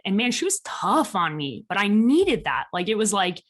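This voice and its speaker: A woman in her thirties from Chicago with a slight Chicago accent, a guest telling stories in a casual interview with animated delivery. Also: mid-range voice, normal speed. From Chicago, USA. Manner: animated, quotes people in lively voices. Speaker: podcast guest.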